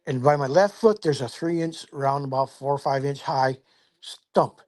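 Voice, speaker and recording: An older man, a podcast guest, tells a first-person story in a measured, vivid way and drops to a hush at the tense moments. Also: a little high. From Tacoma, Washington, USA.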